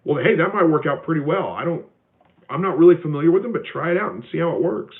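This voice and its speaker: A man's voice: on the high side, expressive, fast. A man hosting a live stream, chatting casually as he answers viewer questions, with lots of fillers and restarts. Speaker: homestead livestream host. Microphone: phone. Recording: tinny phone audio.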